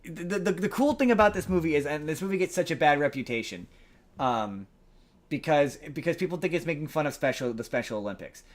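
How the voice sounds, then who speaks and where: A podcast host in casual chat, walking through a film's story with lots of animated detours. His voice sits a bit on the high side for a man. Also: a little fast. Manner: rambling, animated plot retelling.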